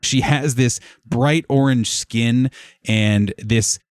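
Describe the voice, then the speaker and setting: A man running a tabletop game as game master, describing scenes in a relaxed, rambling way with frequent fillers. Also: medium pitch, slow pace, clean tone, dry recording, clean studio sound.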